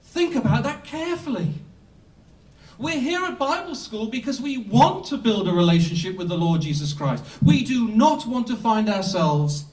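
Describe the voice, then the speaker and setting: Man, preacher, slow emphatic sermon, dramatic pauses, echoey, off-mic. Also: very high-pitched, animated, a little mellow, far from the mic. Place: Bible school hall. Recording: echoey room, speaker off-mic.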